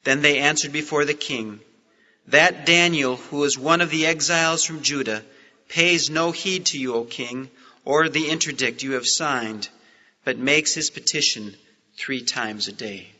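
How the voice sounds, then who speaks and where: A man preaches a sermon and reads from scripture in a fairly high, sharp, bright voice. He stresses key words hard and swings his pitch up and down. The sound is an old tape recording that rings with long reverb in a large sanctuary. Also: a little slow. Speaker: pastor.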